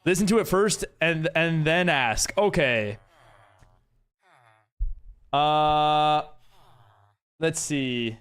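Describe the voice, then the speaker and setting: This young male gamer talks his way through a live stream, reading out chat messages and responding to each. He speaks extremely slowly with frequent pauses, in a fairly high, fairly bright and clean voice.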